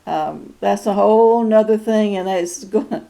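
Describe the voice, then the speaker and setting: A woman in her sixties with a North Carolina Southern accent, talking casually to camera in a halting way with many fillers and frequent chuckles. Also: medium pitch, gravelly, warm tone. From North Carolina, USA. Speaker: YouTube channel host. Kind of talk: casual personal vlog.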